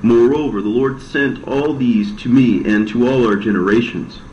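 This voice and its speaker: A man reading an old religious text aloud as scripted narration, plain and steady, in a roomy, dull recording. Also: medium pitch, moderate pace, slight background noise. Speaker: reader.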